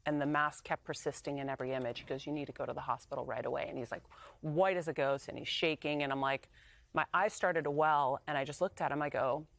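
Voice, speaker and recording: A woman in her thirties, a guest telling her own story candidly, animated and emotional, acting out the lines of others. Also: low voice, a little fast, no echo. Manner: emotional, animated retelling with quoted dialogue. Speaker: interview guest.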